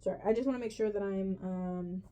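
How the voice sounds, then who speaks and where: This vlogger talks straight to camera about a TV finale in a casual, profane, exasperated rant, often saying "bro" and rambling through restarts and self-corrections. She has a mid-range, dark-toned voice, a little fast, with the highs cut off.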